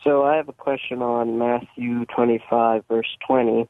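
A man from Canada calling into a radio show to ask a question, a bit halting. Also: medium pitch, flat delivery, no echo. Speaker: caller. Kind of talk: call-in question. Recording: phone line.

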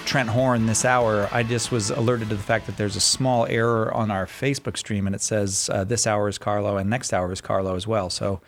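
A man's voice: fairly low pitch, steady tone, faint music behind. A man hosting a call-in radio show, chatting casually and laughing easily with his guest. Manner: jokey, laughs easily, quick asides.

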